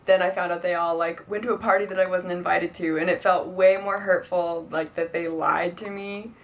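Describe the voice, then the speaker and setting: Chatty young woman, slightly low voice. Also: steady tone, normal speed. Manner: chatty, filler-heavy, acts out quoted dialogue. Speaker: vlogger. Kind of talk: casual advice vlog talk.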